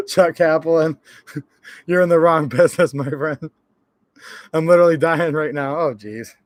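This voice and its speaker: High-voiced jokey livestream host. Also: male voice, slow pace, long pauses, dry recording. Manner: laughs a lot, reads chat aloud, jokey. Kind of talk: casual live-stream chat.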